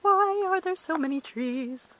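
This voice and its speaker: A woman's voice: very high-pitched, expressive, measured pace, sharp tone. A woman casually rambling while filming wildlife, chatting on the phone at the same time, recorded on a handheld camcorder's built-in mic.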